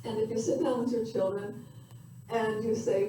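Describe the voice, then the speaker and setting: Older lady talking parenting, really mellow dark voice, far off in a super echoey room, bit of hiss. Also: on the high side, level tone, moderate pace. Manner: conversational, reflective with fillers. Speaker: parenting educator. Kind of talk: recorded lecture.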